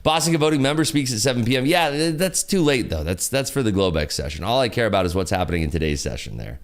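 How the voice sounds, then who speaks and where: A man hosts a futures trading livestream, giving casual commentary in a rambling, laid-back way full of fillers. His voice is on the low side, with big pitch swings, and he talks fast.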